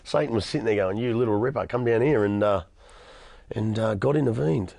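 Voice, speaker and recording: Australian man, gravelly, dry close sound, earnest, stammering, thirties. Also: lowish voice, brisk, a little mellow, dry recording. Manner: earnest, frequent restarts and stammers. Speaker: interview guest. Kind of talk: personal testimony in conversation.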